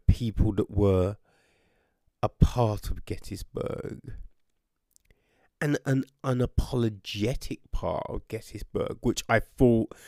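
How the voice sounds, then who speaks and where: A man casually reviewing a book, animated, with frequent swearing, exclamations and restarts. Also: lowish voice, creaky, no room sound, clean studio sound.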